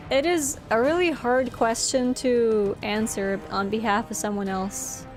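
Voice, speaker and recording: A woman from Norway, chatting casually and giggling often while live-streaming a game. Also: a little high.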